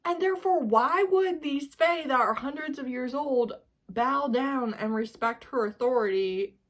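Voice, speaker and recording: A woman's voice: sits high, a little slow. A young woman talking casually as a book reviewer, ranting with sarcasm and laughing often. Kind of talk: casual reading vlog.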